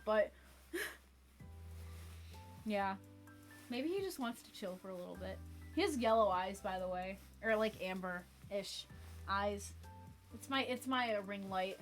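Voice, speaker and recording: A young woman streaming from her room at home, chatting casually with viewers and her cat and laughing often. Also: mid-range voice. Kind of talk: casual live-stream chat.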